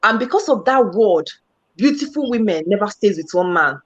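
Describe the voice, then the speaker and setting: A woman's voice: medium pitch, animated, moderate pace, highs cut off, slight background noise. A middle-aged woman in casual conversation, often repeating words as she searches and checking in with "you understand?". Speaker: channel host.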